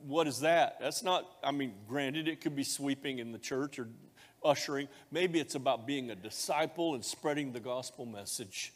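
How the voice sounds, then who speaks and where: A male pastor preaching a sermon, moving between loud fervent declarations and quiet, intimate speech, with a folksy, joking touch. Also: mid-range voice, moderate pace. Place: church sanctuary. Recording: long hall reverb of a church.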